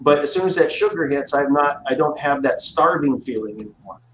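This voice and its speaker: A man's voice: on the high side, expressive, brisk, fairly bright tone. Profane rambling man in a roomy space. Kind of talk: casual chat. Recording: roomy echo with faint noise.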